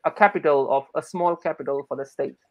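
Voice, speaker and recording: A man from Malaysia in his thirties, a native Malay speaker, telling a personal story in an interview, animated and acting out the dialogue. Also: fairly high pitch, fairly quick, lo-fi sound. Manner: animated, acts out quoted dialogue, frequent restarts. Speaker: interview guest. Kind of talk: conversational storytelling.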